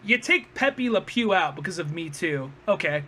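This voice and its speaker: A man's voice: high voice, normal speed. A young man co-hosting a podcast, chatting casually and acting out cartoon scenes with laughs. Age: young adult. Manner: animated, laughing, acts out cartoon lines. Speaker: podcast co-host. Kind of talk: casual chat.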